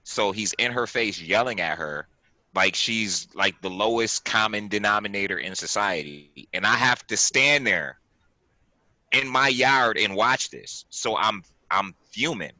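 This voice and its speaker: A podcast host in his forties tells a story on a video call in a casual storytelling chat, speaking in an animated, emphatic, unhurried way. His fairly low voice often repeats itself and acts out what people said; the recording is rough but has no echo.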